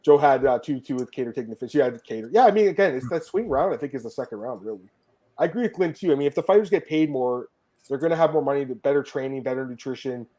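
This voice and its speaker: Man, rapid-fire podcast host, animated and loose, swears freely. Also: medium pitch. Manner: fast, animated, swears and laughs often. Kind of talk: casual sports podcast chat.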